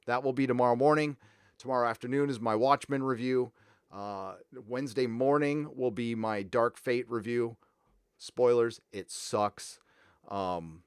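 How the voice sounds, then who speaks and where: A man's voice: medium pitch, measured pace, clean tone, dry recording, clean studio sound. Casual man hosting a live stream. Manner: rambling, reads donor messages aloud.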